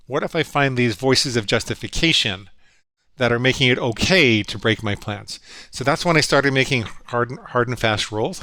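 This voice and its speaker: A man's voice: medium pitch, sharp tone, no room sound. A middle-aged man, a psychologist guest, telling his story in an earnest, reflective way. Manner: earnest, reflective, quotes his own inner voices. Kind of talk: storytelling conversation.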